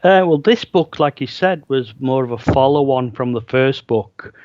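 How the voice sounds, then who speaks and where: A man's voice: mid-range voice, expressive, moderate pace, darkish tone, no echo, lo-fi sound. A man in his fifties with a Liverpool accent, talking as a guest in an interview, with many ums and uhs. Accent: Liverpool (Scouse). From Liverpool, England. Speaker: guest author. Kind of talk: casual interview talk.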